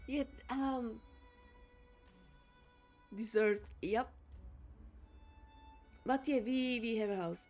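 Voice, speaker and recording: A young woman chats casually with her viewers while she plays, wandering from point to point with lots of fillers and restarts. Her voice sits a little high, and faint music runs quietly behind her. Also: very slow, pauses often. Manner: chatty, rambling, many fillers and restarts. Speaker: streamer. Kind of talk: casual chat while playing a game.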